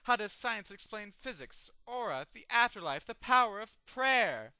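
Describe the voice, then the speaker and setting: A man's voice: a little high, animated, moderate pace, sharp tone, no room sound, exaggerated voice, rough recording. A man reciting a poem voices a smug new-age woman lecturing at a dinner party. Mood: insistent. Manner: earnest, lecturing, cliché-spouting.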